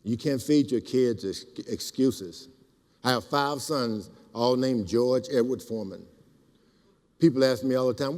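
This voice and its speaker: An older man telling animated stories at a speaking event, acting out the voices in his quotes. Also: medium pitch, unhurried. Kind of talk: storytelling speech. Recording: reverberant hall.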